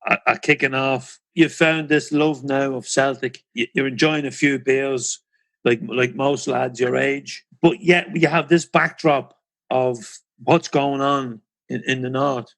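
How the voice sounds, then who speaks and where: A man's voice: medium pitch, steady tone, measured pace, a bit bright. A man in his forties hosting a podcast, framing long scene-setting questions in a casual interview. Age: 40s. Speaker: podcast host.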